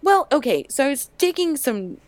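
A young woman co-hosting a podcast in casual chat, animated and full of fillers and quick asides. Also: high-pitched, no room sound. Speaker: podcast co-host.

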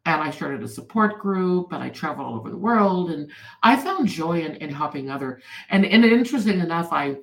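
A woman guest telling her personal story in an interview, earnest and animated. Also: low-pitched, fairly quick, vocal fry, reverberant, rough recording.

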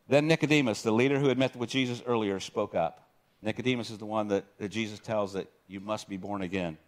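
A man's voice: lowish voice, fast talker. A man preaching a sermon in an easygoing, conversational way, often restarting phrases and reading scripture passages aloud. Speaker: pastor.

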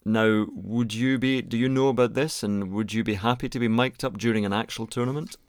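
A man co-hosting a casual podcast chat, relaxed and given to chuckling as he talks. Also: mid-range voice, fairly quick, clean tone, no echo, clean studio sound. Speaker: podcast co-host.

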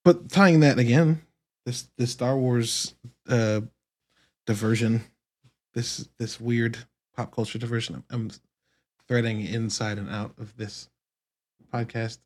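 A man with a husky voice hosts his own podcast, thinking aloud in a casual, rambling way. He swears freely and often restarts his sentences. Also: medium pitch, takes it slowly, long pauses, a little mellow. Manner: casual, profane, rambling with self-corrections. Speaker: podcast host. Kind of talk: solo podcast monologue.

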